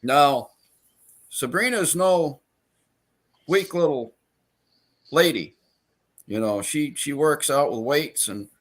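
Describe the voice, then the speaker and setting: A man with an ordinary mid pitch, chatting as a guest on a live show. He tells his stories in a halting way, restarting his sentences, and keeps circling back to his point. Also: a bit bright. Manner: rambling storyteller, halting with restarts. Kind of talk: casual chat.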